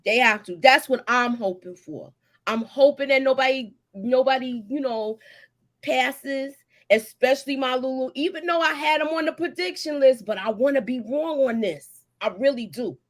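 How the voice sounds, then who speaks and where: Woman, live-stream host, AAVE speaker, animated and chatty, slightly high voice. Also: moderate pace. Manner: animated, chatty, greets viewers, laughs often. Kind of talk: casual live recap chat.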